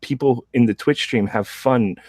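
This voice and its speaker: A man's voice: mid-range voice, normal speed, a little mellow, no echo. A man hosting a casual podcast chat, rambling with restarts and frequent laughs. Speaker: show host.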